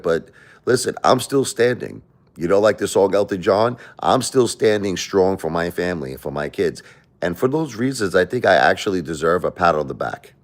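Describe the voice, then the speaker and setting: Deep-voiced man ranting to a livestream. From United States. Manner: blunt, confrontational, emotional. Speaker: livestream host. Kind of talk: livestream rant.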